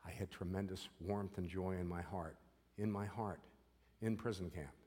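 A man's voice: low-pitched, steady tone, normal speed, warm tone, husky, long reverb tail. An older man giving an earnest personal testimony, often repeating himself and checking in with "okay?". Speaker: former prisoner giving testimony.

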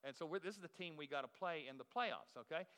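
A man's voice: fairly high pitch, expressive, fast, a bit bright, long reverb tail. A man preaching a sermon as the pastor, telling folksy, self-deprecating stories to his congregation. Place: church sanctuary.

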